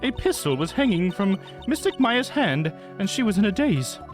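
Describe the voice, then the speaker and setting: A man's voice: sits high, sing-song, moderate pace, soft background music, voice pushed up. A man voicing a polite young woman testifying formally as a witness in a game. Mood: earnest. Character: polite young female spirit-medium witness.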